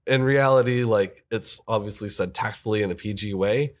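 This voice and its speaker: A man's voice: on the low side, normal speed. A man co-hosting a casual film podcast, speaking bluntly and correcting the others. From United States. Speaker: podcast co-host.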